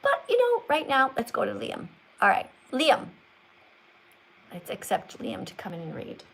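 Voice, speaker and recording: A woman hosting a livestream, coaching a caller to read aloud slowly, in a coaxing, teacherly way as if talking to a child. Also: on the high side, wildly swooping pitch, vocal fry, a bit bright, breathy edge, rough recording. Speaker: livestream host.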